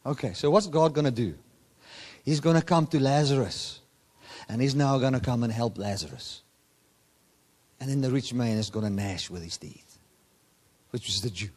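A man preaching a sermon, often swinging his voice from loud, high emphasis to low, quiet asides. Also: normal speed, pauses often. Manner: animated preaching, voice rising and dropping sharply for emphasis. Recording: long hall reverb.

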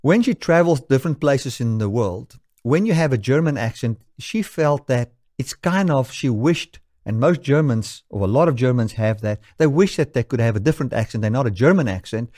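A man from South Africa delivers a sermon in an earnest, middle-pitched voice. He slows down to stress key lines, and the sound is dry and close. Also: a little mellow, dry recording. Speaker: preacher.

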